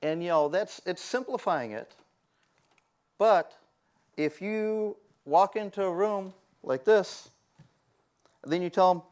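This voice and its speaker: Man giving a conference talk, somewhat high voice, lively delivery that acts out the people he quotes. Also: takes it slowly, long pauses. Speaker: conference speaker. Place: conference room.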